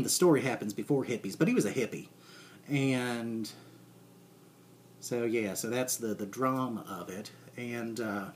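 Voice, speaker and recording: Rambling deadpan man, low voice. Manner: rambling, halting, full of fillers and restarts. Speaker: comedic character monologue. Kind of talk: deadpan comic monologue.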